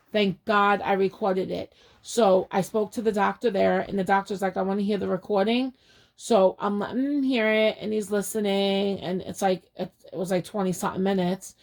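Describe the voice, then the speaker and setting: Overwhelmed woman vlogging an update, anxious and rushed, mid-pitched voice. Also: darkish tone. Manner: anxious, retelling conversations in a rush. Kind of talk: emotional personal update.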